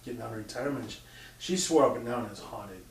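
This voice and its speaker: Animated, swearing man, roomy distant sound. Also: medium pitch, fast talker, slight background noise. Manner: animated, swears freely, acts out sounds and quotes. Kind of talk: casual storytelling chat.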